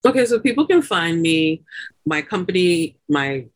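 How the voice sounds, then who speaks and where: A woman doula, a guest on an interview podcast, telling her own story in an animated way with many fillers and frequent laughs. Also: lowish voice, normal speed. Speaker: doula and lactation consultant guest.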